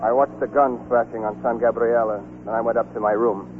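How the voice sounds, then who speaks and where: An actor playing a reserved young ambulance officer who also narrates, in a quiet, understated way, in an old radio play. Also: male voice, medium pitch, little pitch movement, fairly quick, lightly acted. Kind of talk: 1940s radio acting. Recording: tinny old radio broadcast with music.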